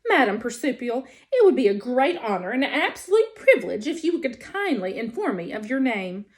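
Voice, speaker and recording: A gentle female robot who speaks in careful, overly formal sentences, as a woman reads her lines. Her phrasing is proper and earnest, with a lively rise and fall. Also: on the high side, moderate pace. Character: polite, stiff female robot learning to be friendly.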